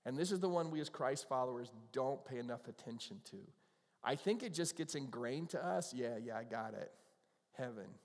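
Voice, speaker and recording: A man preaching a conversational sermon, earnest and quick to be moved. His voice sits at an ordinary middle pitch. A long hall reverb trails every phrase, as in a church sanctuary. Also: animated. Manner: conversational, earnest, gets emotional. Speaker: pastor.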